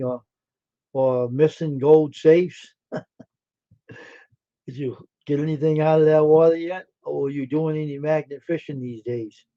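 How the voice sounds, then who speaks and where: A man hosting a live stream, chatting casually and answering his viewers' messages aloud while sounding tired and yawning. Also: fairly high pitch. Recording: dull lo-fi stream audio.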